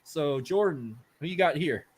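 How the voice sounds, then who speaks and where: A man with a slightly higher voice hosts a loose wrestling podcast. He jokes, swears freely and wanders between thoughts. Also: animated, unhurried, slightly rough. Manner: joking, profane, rambling. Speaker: podcast host. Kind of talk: casual podcast chat.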